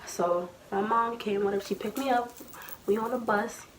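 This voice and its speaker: A young adult woman telling a childhood story in a casual vlog, animated and slangy, acting out what her family said. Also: medium pitch, moderate pace, slight background noise. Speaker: storytime vlogger.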